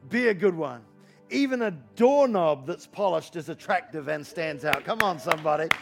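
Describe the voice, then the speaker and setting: A man in his fifties preaching a sermon in a church, energetic and joking, driving points home with repeated rhetorical questions. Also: on the high side, moderate pace, vocal fry, over loud music. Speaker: pastor. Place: church hall.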